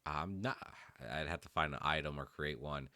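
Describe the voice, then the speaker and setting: Relaxed, bright-voiced male game master. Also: extremely low pitch, normal speed, no room sound. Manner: easygoing, rambling, full of fillers. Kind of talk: casual narration of a tabletop game.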